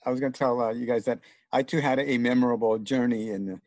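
A man's voice: mid-range voice, steady tone, fast, a little mellow, no echo. A man from Mexico in a casual group discussion, sharing a personal story with some hesitation. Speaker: panelist.

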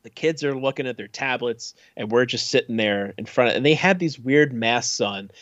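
A man telling a casual story in an animated way, laughing often and mimicking the people he quotes. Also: mid-range voice, normal speed, no room sound, lo-fi sound. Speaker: storyteller on a chat podcast.

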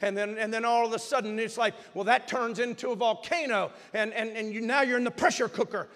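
A male pastor preaching a sermon in a church, moving from calm teaching to loud shouted calls to praise. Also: extremely high pitch, brisk, big-room sound. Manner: preaching, swings from quiet teaching to shouted exhortation. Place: church sanctuary.

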